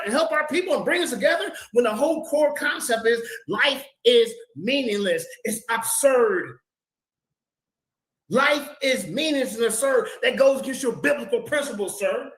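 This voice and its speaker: A man's voice: very high voice, expressive, normal speed, a bit bright, echoey room, poor audio. A man giving a heated debate rebuttal, fiery and preacher-like, repeating words as he pushes his point.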